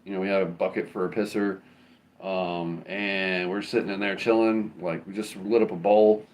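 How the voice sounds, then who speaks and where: A man's voice: sits low, little pitch movement, moderate pace, darkish tone, slight background noise. Rambling, foul-mouthed man telling stories. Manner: rambling, profane, loose and conversational. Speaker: livestream host. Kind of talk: casual storytelling to a live chat.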